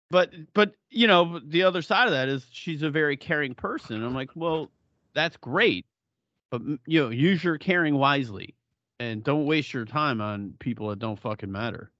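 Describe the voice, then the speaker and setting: A man's voice: a little high, moderate pace, a bit bright, no echo, muffled recording. A middle-aged man co-hosting a podcast in casual chat, blunt and profane, often laughing. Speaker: podcast co-host.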